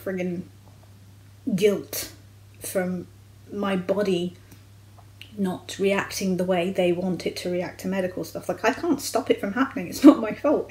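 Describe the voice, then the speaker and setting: A young adult woman vlogger, from the United Kingdom, recounting a personal medical experience in a candid, halting way with frequent restarts. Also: medium pitch, mellow, poor audio. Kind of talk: personal storytelling vlog.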